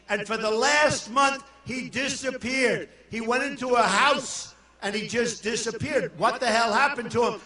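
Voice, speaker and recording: An older man from New York giving a boastful, rambling rally speech to a crowd and shouting some lines. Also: very high-pitched. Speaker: political candidate at a rally. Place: large indoor arena. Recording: echoey hall from far off.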